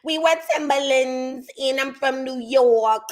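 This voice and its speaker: A woman doing an impression of a chatty New York lady with a whiny, drawn-out manner. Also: on the high side, vocal fry, bright, forceful tone, exaggerated voice. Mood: mock-chatty.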